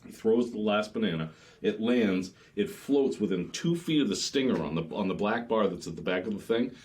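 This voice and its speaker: Low-voiced charter captain telling stories. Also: male voice, moderate pace. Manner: lively storyteller, acts out voices, swears. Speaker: charter boat captain, podcast guest. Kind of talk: casual chat.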